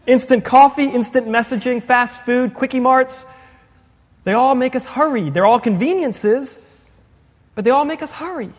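High-voiced pastor, hall reverb. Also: male voice. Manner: conversational, asks the congregation questions, quick jokey asides. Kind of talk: sermon. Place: church sanctuary.

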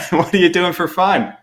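A man hosting an interview, chatty and quick to laugh, reacting warmly to his guest's answers. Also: high-pitched. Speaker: podcast interviewer. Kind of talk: casual interview.

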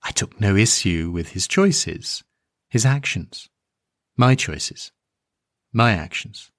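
A man reading a dark literary story aloud in a measured, wry manner. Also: fairly low pitch, expressive, no echo, studio quality. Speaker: narrator.

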